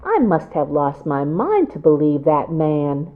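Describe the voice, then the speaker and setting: Woman reading a humble old baker man, gentle and soft-spoken, lively pitch, tinny phone-like sound. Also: unhurried, exaggerated voice.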